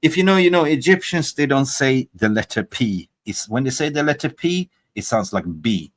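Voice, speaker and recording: A man hosting a live fan stream in a loose, joking way, now and then swearing. He reads out viewer comments and riffs on them in casual chat, at a middle pitch for a man. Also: lively intonation, moderate pace. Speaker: fan channel livestream host.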